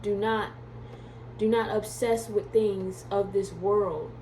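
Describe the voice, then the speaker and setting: A woman vlogging at home who coos at her children in high baby talk and then speaks earnestly about her faith. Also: fairly even intonation, takes it slowly, dark tone, a little hiss or hum, rough recording. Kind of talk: casual family vlog and personal testimony.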